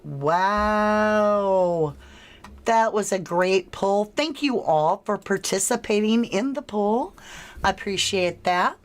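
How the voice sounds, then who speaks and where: A woman's voice: medium pitch, expressive. A woman hosting a true-crime livestream, chatting with viewers, reading their comments aloud and running a poll, laughing often. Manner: chatty and unhurried, laughs often, drawn-out words. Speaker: livestream host.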